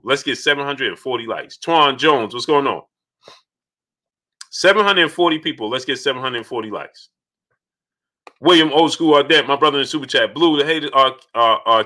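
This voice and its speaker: A man hosting a casual live stream, shouting out viewers by name and repeating his points in an animated way. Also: a little high. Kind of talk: casual live-stream chat reading super chats.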